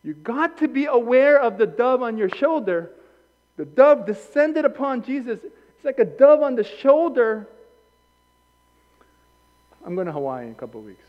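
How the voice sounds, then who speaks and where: A male pastor preaching a sermon in an animated way, acting out voices and wandering into anecdotes with self-corrections. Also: very high-pitched, normal speed, long pauses, in a large hall, muffled recording. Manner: animated, acts out quoted voices. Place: church hall.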